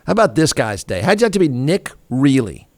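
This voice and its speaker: A man's voice: mid-range voice, very animated, a little fast, no room sound, studio quality. A man hosting a talk show, ranting in a snarky, irreverent way and laughing at his own jokes. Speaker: radio show host. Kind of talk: comedic talk show rant.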